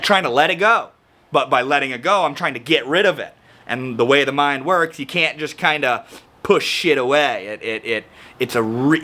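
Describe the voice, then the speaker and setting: Bright-voiced man rambling casually. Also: fairly high pitch. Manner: rambling, slangy, restarts a lot. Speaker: vlogger. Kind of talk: casual personal vlog monologue.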